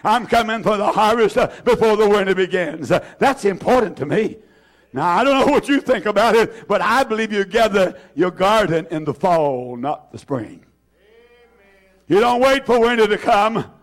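A high-pitched man preaches to his church with fervor. He repeats his phrases, rises to loud cries, then drops to soft, hushed lines. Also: animated, normal speed. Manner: fervent, repetitive, swings from loud to hushed. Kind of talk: impassioned sermon.

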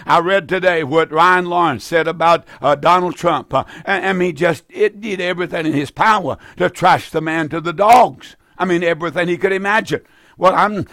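Older man, urgent evangelistic radio host; fervent and repetitive, pitched a bit high, dry booth sound. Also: a bit bright, no room sound. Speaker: radio preacher and call-in host. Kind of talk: evangelistic radio preaching with call-in.

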